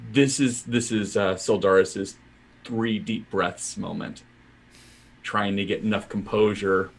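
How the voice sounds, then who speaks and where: A man's voice: on the low side, fairly even intonation, slow. A man playing his character in a tabletop game, talking hesitantly with many fillers. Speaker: player.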